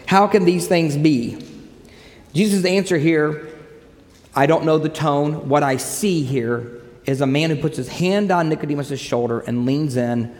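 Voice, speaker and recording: A man delivers a sermon in a lively, storytelling manner, acting out quoted lines as he goes. His voice sits a bit high for a man. It rings with the long reverb of a big hall. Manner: animated storytelling, quotes scripture. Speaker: preacher.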